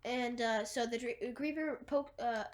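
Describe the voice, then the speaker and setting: A woman's voice: a little high, a little slow. A woman casually retelling a movie plot, rambling through long chains of "and then" and fillers, with wry asides. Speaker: movie recapper.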